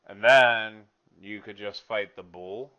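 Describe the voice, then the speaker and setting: A man's voice: on the low side, slow pace, clear, resonant tone, highs cut off. A young man hosting a podcast, chatting casually and profanely about a video game with lots of filler words. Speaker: podcast host.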